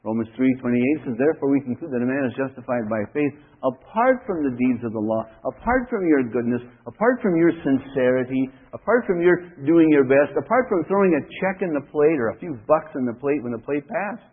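A man's voice: medium pitch, animated, brisk, hardly any pauses, breathy edge. A man preaching a sermon to his congregation, emphatic and full of rhetorical questions. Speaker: pastor. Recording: tinny phone-like sermon recording.

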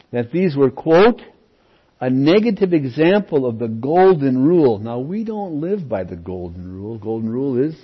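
A man preaches a sermon in a husky voice at an ordinary pitch for a man. He keeps a conversational tone and checks in with his listeners as he goes. The recording sounds dull and lo-fi. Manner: conversational preaching with frequent "okay?" check-ins. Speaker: pastor.

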